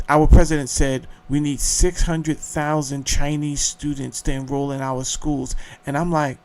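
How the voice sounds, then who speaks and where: A man's voice: fairly high pitch, moderate pace, darkish tone. A middle-aged man hosting a show, ranting in a heated, profane monologue. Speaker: show host.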